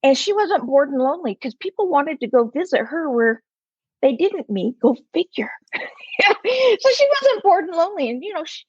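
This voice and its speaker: A woman in her sixties, an interview guest, telling a personal story in an animated way and acting out the voices in it. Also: high-pitched, moderate pace, no room sound. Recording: slightly muffled, lo-fi.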